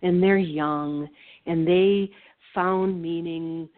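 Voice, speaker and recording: A woman co-hosting a reflective conversation, earnest and animated, laughing often as she talks. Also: lowish voice, drawn-out words. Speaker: co-host. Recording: tinny phone-like line.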